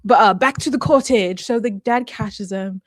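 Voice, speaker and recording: A woman's voice: medium pitch, moderate pace, no echo, clean studio sound. A woman hosting a casual reaction chat, talking with laughs and acting out quotes. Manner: chatty, laughs often, acts out quotes. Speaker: host.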